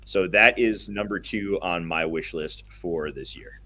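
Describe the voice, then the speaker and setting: Laid-back low-voiced young guy. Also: a little slow, pushed and bright. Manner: enthusiastic, rambling, laughs easily. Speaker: podcast co-host. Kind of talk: casual podcast chat.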